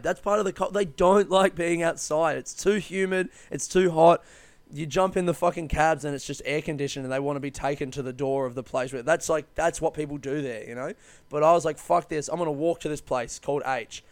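Casting: man, casual storyteller, swears freely, loose rambling delivery, smooth clear tone, dry close sound. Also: a little high, fairly even intonation, brisk, no room sound. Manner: loose, sweary, rambling with many fillers and self-corrections. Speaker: comedian telling a travel story.

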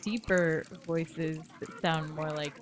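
A woman's voice: low-pitched, steady tone, takes it slowly. A woman playing a tabletop game, eagerly asking questions. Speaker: player.

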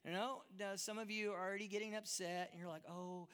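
A man's voice: sits high, steady tone, fast, fairly bright tone, clear, resonant tone. A man with a Texan accent, preaching a conversational, self-deprecating sermon to a church congregation, often restarting words. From Texas. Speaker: pastor. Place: large church hall. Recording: long hall reverb.

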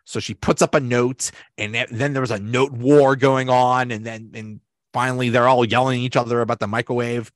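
A man's voice: medium pitch, steady tone, fairly quick, no room sound, studio quality. A man hosting a podcast in casual chat, talking loosely, laughing often and acting out quotes. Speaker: podcast host.

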